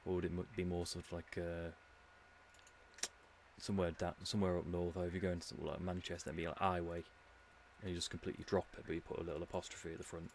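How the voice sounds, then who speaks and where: A man's voice: deep voice, level tone, rapid-fire, darkish tone, a little hiss or hum. An English man streaming a game, musing and rambling in a casual commentary with dry humour. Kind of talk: casual commentary while playing.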